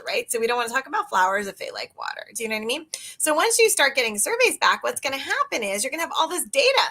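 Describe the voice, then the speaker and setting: Animated woman coaching on a live call. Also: on the high side. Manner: animated, exclamatory, asks the audience questions. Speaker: sales coach. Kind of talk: live online training.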